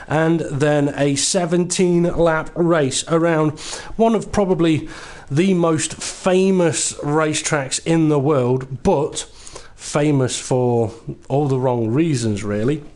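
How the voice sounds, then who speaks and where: Male sim racing commentator, unhurried. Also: a little high, a little mellow. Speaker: lead commentator.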